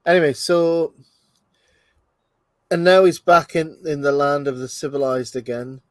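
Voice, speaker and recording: A man's voice: a little high, little pitch movement, a little slow, no room sound. A man hosting a casual movie commentary, thinking aloud with lots of fillers and restarts. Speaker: host.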